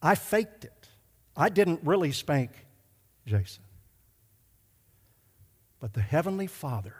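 A middle-aged male pastor telling a story in a sermon, emphatic and slowing down to stress his points. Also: fairly high pitch, very animated, husky. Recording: hall reverb.

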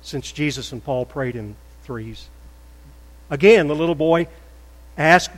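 An older man preaching a sermon in a church, stressing words loudly, then dropping to a soft prayerful tone. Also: on the high side, slow pace, long pauses, long reverb tail, rough recording. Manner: emphatic, swings between loud stresses and soft prayer. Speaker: pastor. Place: church sanctuary.

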